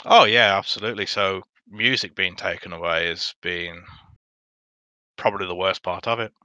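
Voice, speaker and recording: A man as a podcast guest in casual chat, earnest and halting, full of fillers and restarts. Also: low-pitched, pushed and bright, dry recording.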